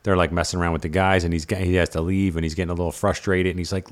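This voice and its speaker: A man's voice: deep voice, fast talker, hardly any pauses. A man co-hosting a casual chat, a real estate agent who tells stories animatedly and laughs at his own anecdotes.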